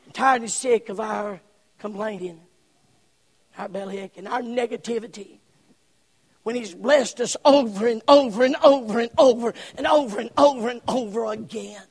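A man preaching a sermon in a folksy manner, moving from low, slow talk to loud shouting. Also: gravelly, slightly rough. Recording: long hall reverb.

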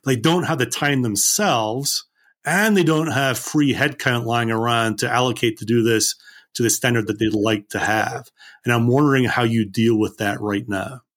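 A man hosting a sales podcast, talking quickly and earnestly with frequent restarts. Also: medium pitch, fairly bright tone. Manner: fast, earnest, restarts often. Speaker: podcast host. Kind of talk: podcast conversation.

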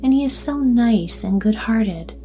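A woman voicing a kindly, talkative old grandmother in a gentle, earnest way. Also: a little high, animated, measured pace, soft background music. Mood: fretful.

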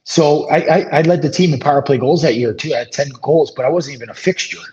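A middle-aged man, a former hockey player, telling stories as an interview guest, relaxed and rambling with many fillers and restarts. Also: fairly high pitch, quick pace, slight background noise. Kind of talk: casual storytelling interview. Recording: dull lo-fi audio.

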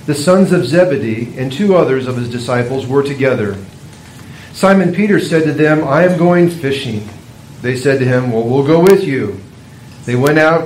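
A man reading the gospel aloud in church with a measured, formal delivery. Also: medium pitch. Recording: echoey church room, faint background hum.

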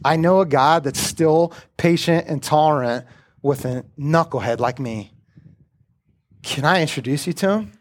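A man, a pastor, preaching a sermon in a relaxed, conversational way, often repeating words as he starts a thought. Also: fairly high pitch, a little slow.

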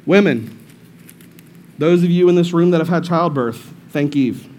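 A male pastor with a fairly high voice who gives a casual, storytelling sermon in a church. He preaches in an animated, joking way and often repeats his phrases. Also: a little slow. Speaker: lead pastor. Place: church service room.

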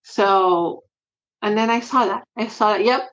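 A woman's voice: mid-range voice, measured pace, highs cut off. A woman guest talking earnestly and emotionally about her experience as a sports parent in a candid interview.

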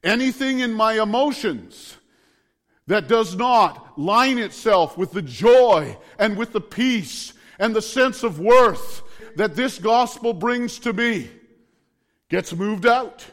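High-pitched middle-aged preacher guy, fervent and repetitive, long reverb. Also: expressive, takes it slowly, a bit bright. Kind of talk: sermon.

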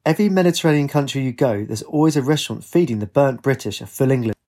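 A man's voice: medium pitch, expressive, quick pace, a little mellow. A man voicing a boisterous, teasing middle-aged Italian father with an Italian accent. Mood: jovial. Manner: bellowing, teasing.

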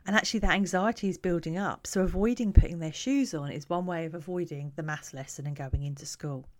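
A woman who coaches parents, talking to camera in a calm, reflective, conversational way. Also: lowish voice, a little fast.

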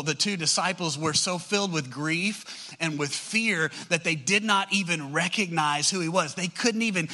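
Pastor, male; bright, lively sermon storytelling with high, ringing tone. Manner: storytelling, rises high and fast when excited.

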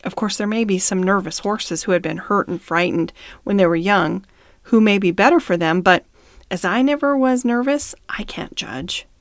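A woman reading as a calm steady horse. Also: mid-range voice, normal speed, no room sound, clean studio sound, lightly acted. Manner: calm, even-tempered. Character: calm steady male roan cob horse.

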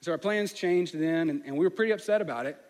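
Fast-talking man in a reverberant hall. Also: fairly high pitch. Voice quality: slight lisp on some words. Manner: candid, storytelling with many fillers. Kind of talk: personal story in a sermon.

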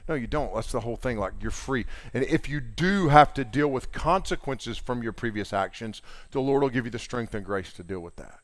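A man's voice: medium pitch, fairly quick, hardly any pauses, dry recording. A middle-aged man preaching a sermon in a casual, earnest way, retelling scripture in everyday talk. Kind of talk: conversational sermon.

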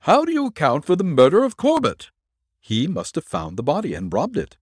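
A man's voice: fairly low pitch, huge pitch swings, normal speed, darkish tone, breathy edge, dry recording, studio quality, heavily acted. A man voicing a blustering police superintendent in an audiobook, emphatic and pressing.

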